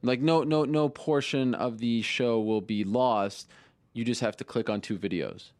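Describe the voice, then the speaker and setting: A man hosting a show, chatting casually and teasing his co-hosts with quick questions. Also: mid-range voice, darkish tone, dry recording. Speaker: host. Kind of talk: casual chat.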